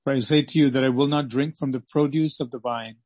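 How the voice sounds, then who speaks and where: A man preaching a sermon and reading scripture aloud, swinging between loud exclamations and hushed pleading. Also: mid-range voice, steady tone, brisk, no room sound.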